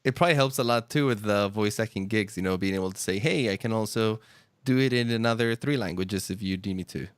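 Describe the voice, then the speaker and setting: A man's voice: on the low side, fast talker, clean tone, no room sound, clean studio sound. A man hosting an interview, asking short, friendly follow-up questions. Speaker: podcast host. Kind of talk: casual interview chat.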